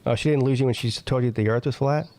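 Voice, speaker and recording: A man hosts a laid-back live-stream chat with a gravelly, fry-laced voice. His talk is loose and joking, peppered with laughs and swearing. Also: mid-range voice, steady tone, very fast, darkish tone. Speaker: host.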